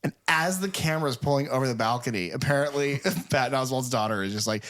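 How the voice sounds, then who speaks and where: A male podcast host in loose, casual conversation. He rambles through his stories, full of "uh" and "like", and swears freely. His pitch sits in the middle for a man. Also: quick pace, few pauses, fairly bright tone. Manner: rambling storyteller, profane, many fillers. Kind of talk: casual chat.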